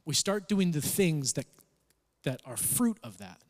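A man preaching a sermon, telling stories with acted-out quotes in an animated, conversational way. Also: a little high, a little slow. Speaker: pastor. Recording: reverberant church hall.

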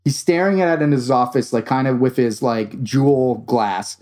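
A man co-hosting a casual chat, excitedly recapping a film and acting out its scenes with plenty of swearing. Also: medium pitch, normal speed. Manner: animated, swearing, acts out scenes. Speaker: podcast co-host.

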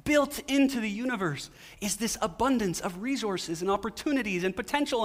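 Male preacher, somewhat high voice, repeats phrases for emphasis, long hall reverb. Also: expressive, brisk. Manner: asks the audience questions, repeats key phrases for emphasis. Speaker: pastor. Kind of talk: sermon.

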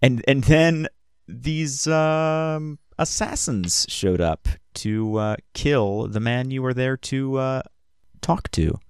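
A man's voice: mid-range voice, slow, clean tone. A man who narrates a tabletop game as game master in a hesitant way, with many fillers.

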